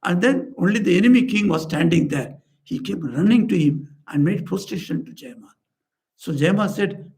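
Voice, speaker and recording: The man speaking is a swami giving a spiritual talk in a society house room; his voice is high, gravelly, and darkish, at normal speed. Earnest in his storytelling sermon, he pitches his voice up for characters he quotes.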